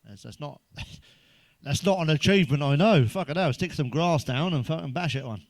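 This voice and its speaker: A man's voice: fairly high pitch, expressive, moderate pace, no room sound. A man telling crude stand-up jokes, swearing constantly and laughing at his own punchlines. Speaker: stand-up comedian.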